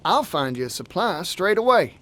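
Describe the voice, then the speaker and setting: Partitio, a folksy young merchant. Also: male voice, high-pitched, very animated, normal speed, fairly bright tone, a little hiss or hum. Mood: friendly. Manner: drawling, folksy, upbeat. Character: cheerful folksy young male traveling merchant. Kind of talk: game voice acting. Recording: game audio with music behind.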